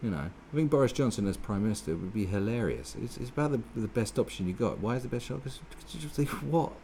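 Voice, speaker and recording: A man's voice: mid-range voice, lively intonation, fast talker, creaky, dark tone, a little hiss or hum. A man giving a sweary, sarcastic, rambling political rant with many restarts. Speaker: political commentator. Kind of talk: ranting monologue.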